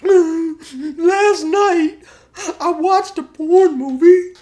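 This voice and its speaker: A man voicing a distraught young male prison inmate who whines and sobs in a high-pitched voice. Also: extremely slow, mellow, exaggerated voice. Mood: sobbing. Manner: sobbing, whiny, high-pitched.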